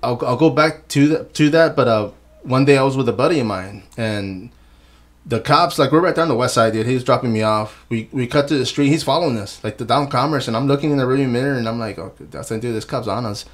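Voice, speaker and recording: A man's voice: mid-range voice, fast. A man hosting a podcast, chatting casually in a laid-back, slangy way in a studio. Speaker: podcast host. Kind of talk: casual chat.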